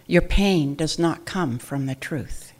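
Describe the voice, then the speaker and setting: A calm, unhurried voice of God, which a woman performs in a church skit. She speaks in a low-set tone and takes every phrase slowly and deliberately, gentle and reassuring. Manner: slow, measured and reassuring.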